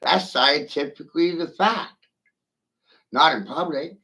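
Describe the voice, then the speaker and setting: A man's voice: fairly high pitch, measured pace, pushed and bright, poor audio. A middle-aged man in a profane, taunting rant, swearing aggressively at his critics.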